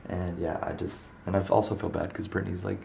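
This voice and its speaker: A man's voice: low-pitched, little pitch movement, fast talker, gravelly, darkish tone, slight background noise. A young man wrapping up a vlog, rambling and apologetic with lots of fillers. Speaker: vlogger. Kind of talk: casual vlog outro.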